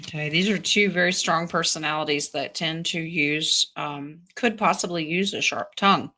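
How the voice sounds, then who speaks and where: A woman's voice: deep voice, normal speed, pushed and bright. A woman, a tarot reader co-hosting a casual group chat who gives blunt, joking advice and laughs often.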